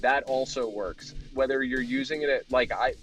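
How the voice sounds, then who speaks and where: A man in a casual gaming chat, calmly explaining details in an even-tempered way. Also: medium pitch, normal speed, faint music behind, low-quality recording.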